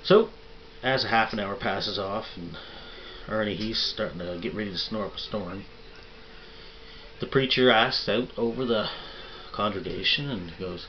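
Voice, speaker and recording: A man's voice: on the low side, moderate pace, dull audio, slight background noise. A man casually telling dirty jokes in a rambling, folksy way, swearing freely. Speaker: vlog host telling jokes.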